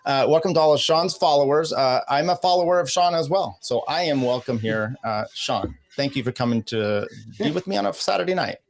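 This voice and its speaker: A man's voice: on the high side, lively intonation, a little fast, few pauses. A man from California hosting a podcast, casual chat with frequent laughs and restarts. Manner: laughs often, fillers and restarts. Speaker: podcast host.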